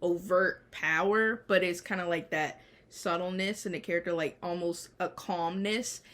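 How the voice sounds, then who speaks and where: A woman guest on a casual TV review chat with her sister, giving relaxed, thoughtful comments. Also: lowish voice, normal speed. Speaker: guest, host's younger sister.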